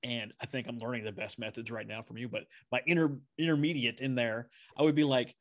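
A man's voice: mid-range voice, steady tone, brisk, few pauses, no room sound, clean studio sound. A man in his thirties hosting a podcast interview, chatting casually and with enthusiasm. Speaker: podcast host.

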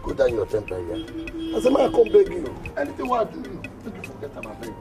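A man plays a lovesick young Nigerian man in a film comedy, begging his girlfriend in comic, excitable Pidgin. His voice sits high and swings widely in pitch. Music plays under the scene. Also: a little slow, far from the mic. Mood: pleading. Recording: film audio with background music.

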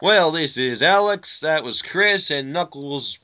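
A man's voice: a little high, lively intonation, a little slow. A young man chatting and joking on a voice call. He giggles a lot and slips into silly impressions. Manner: giggly, jokey, breaks into silly impressions and shouts. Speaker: channel host recording a voice chat. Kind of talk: casual chat. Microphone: computer headset mic on a voice call. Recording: dull lo-fi voice chat recording.

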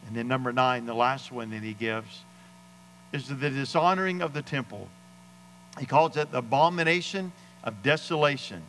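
A man's voice: medium pitch, normal speed, fairly bright tone, long reverb tail, slight background noise, rough recording. A man preaching a sermon as pastor, with emphatic delivery that rises and drops, and acted-out quotes of other people. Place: church sanctuary.

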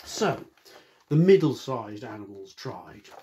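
Teacher guy reading a kids story, chatty asides, husky voice, lots of ups and downs. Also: mid-range voice, sing-song, slow pace, warm tone. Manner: friendly, chatty asides to young listeners.

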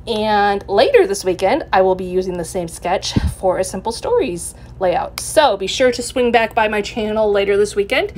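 A woman hosting her own scrapbooking channel, talking through her layout in a relaxed, explanatory way with frequent ums. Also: mid-range voice, normal speed, hardly any pauses, slight background noise. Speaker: scrapbooking video host. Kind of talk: casual craft tutorial narration.

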